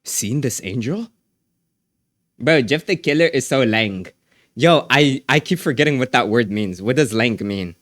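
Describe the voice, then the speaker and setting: A man's voice: medium pitch, animated, moderate pace, fairly bright tone, no room sound. A young man streaming live, chatting casually in a rambling, slangy way with lots of restarts.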